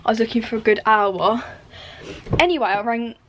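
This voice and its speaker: Young woman, casual vlogger, slightly high voice, confiding and chatty, faint background hiss. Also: moderate pace. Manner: chatty and confiding, drops to a near whisper at times. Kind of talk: casual chat to camera. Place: bedroom at home.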